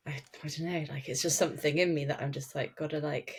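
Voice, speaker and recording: A woman creative producer joining a casual podcast, telling stories in an animated way and giggling often. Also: low voice, fast, breathy edge.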